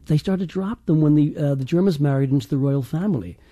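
A man with a partly Irish accent, a dialect coach explaining in a halting way with many restarts. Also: on the high side, dark tone, breathy edge, dry recording, studio quality. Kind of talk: explanatory interview talk.

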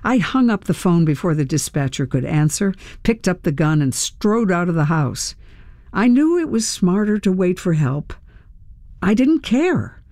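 A narrator reading a tense first-person story aloud in a measured, storytelling manner. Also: mid-range voice, very animated, darkish tone, dry recording. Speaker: audiobook narrator.

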